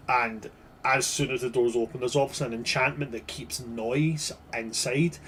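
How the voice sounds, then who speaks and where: A man narrates a tabletop session as game master. He talks loosely, swears often and restarts his lines. His voice is mid-pitched, and a faint noise hangs behind it. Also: steady tone, moderate pace, fairly bright tone.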